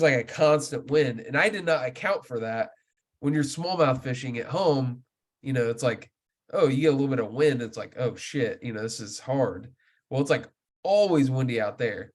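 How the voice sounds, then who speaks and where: A man hosting a podcast, telling a fishing story in a loose, animated way with plenty of filler words. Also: mid-range voice. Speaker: podcast host. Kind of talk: casual podcast chat.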